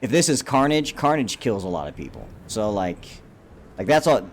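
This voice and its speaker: A man with a fairly low voice talks through his thoughts on a film trailer in a loose, profane, stop-and-start way. He keeps circling back with fillers and restarts, and a faint hiss sits under the recording. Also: very animated, moderate pace. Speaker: YouTube commentator. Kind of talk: casual reaction monologue.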